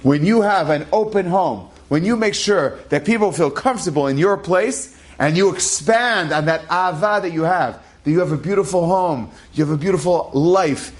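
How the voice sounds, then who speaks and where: Rabbi guy telling a story, lively, acts out the voices, kinda high voice. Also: normal speed, hardly any pauses. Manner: animated, acts out dialogue, casual phrasing. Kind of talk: inspirational storytelling.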